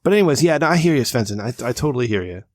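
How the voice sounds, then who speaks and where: A man's voice: mid-range voice, animated, rapid-fire, dry recording. A man co-hosting a casual comedy podcast, ranting with plenty of swearing and emphasis. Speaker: podcast co-host.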